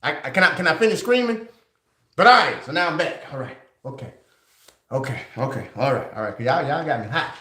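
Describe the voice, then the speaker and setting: A male livestream host who talks straight to his chat in an excitable, casual way. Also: mid-range voice, brisk, echoey room.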